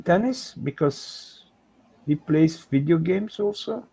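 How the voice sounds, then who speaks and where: This co-host of a painting chat show has a husky, creaky, dark-toned voice that sits on the high side, expressive and slow. He chats casually on the livestream while patiently walking someone through their painting one step at a time.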